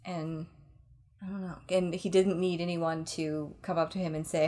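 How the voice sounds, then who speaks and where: A woman co-hosting a podcast in casual chat, recounting things in an animated way with laughs mid-sentence. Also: on the low side, moderate pace. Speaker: podcast co-host.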